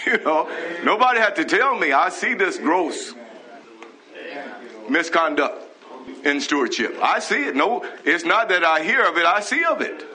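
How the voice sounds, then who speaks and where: Fervent preacher man, fairly high voice. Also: bright, forceful tone. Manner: fervent, scolding preaching with frequent hallelujahs. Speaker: pastor. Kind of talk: sermon broadcast live.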